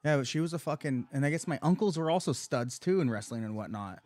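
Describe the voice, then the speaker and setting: A man's voice: fairly high pitch, expressive, quick pace, darkish tone, dry recording. A young man, a fighter, chatting casually on a podcast, telling rambling stories full of swearing. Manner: profane, rambling storyteller. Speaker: fighter guest.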